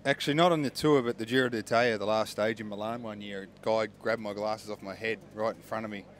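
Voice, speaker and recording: A man's voice: lowish voice, fairly even intonation, fast talker, a bit bright, a little hiss or hum. An Australian man, a pro cyclist, answering questions outdoors in a cheerful, chuckling, slangy way. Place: outdoors at a bike race.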